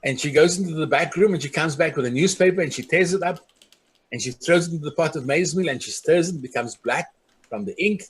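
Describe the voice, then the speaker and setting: An earnest man with a husky, somewhat high voice tells stories from his community. He acts out the people he quotes and drops soft and low on the grave points. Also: fast. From South Africa. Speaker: traditional community leader. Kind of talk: personal storytelling speech.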